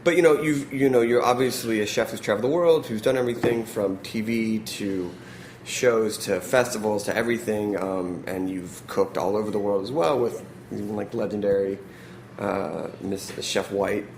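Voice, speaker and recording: A man's voice: fairly low pitch, normal speed, gravelly, a little mellow, roomy sound, a little hiss or hum. A man hosting a radio interview, asking long, winding questions. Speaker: radio show host.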